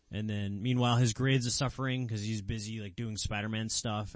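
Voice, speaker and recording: A man's voice: lowish voice, no room sound. A man co-hosting a podcast as the comics expert, recapping story arcs in long run-on sentences. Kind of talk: casual fan chat.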